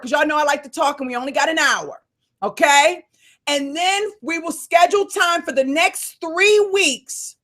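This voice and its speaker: High-voiced, fired-up woman coach. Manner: fired up, loud, addresses listeners as y'all. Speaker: business coach hosting a live Q&A call. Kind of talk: energetic live call, hyping listeners.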